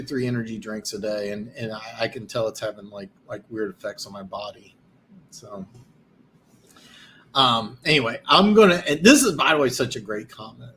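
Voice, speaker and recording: A man's voice: mid-range voice, a bit bright. Tired, rambling male live-stream host. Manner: rambling, boastful, many restarts. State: tired, losing his voice. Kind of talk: live-stream football talk, reading comments.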